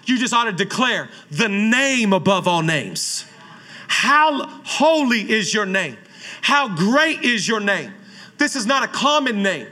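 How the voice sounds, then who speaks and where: Fervent, bright-voiced male pastor preaching. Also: sits high. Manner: fervent preaching with call-and-response exhortations. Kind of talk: sermon.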